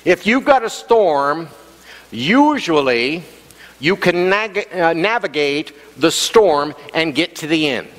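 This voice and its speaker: A man preaching a sermon as pastor, animated and acting out the quoted voices. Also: a little high, takes it slowly. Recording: long hall reverb.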